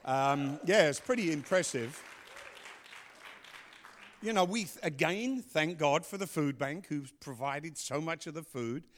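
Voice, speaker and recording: A middle-aged man telling a story and giving announcements at a church service, animated, with loud bursts. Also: a little high, unhurried, some chatter behind. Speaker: pastor.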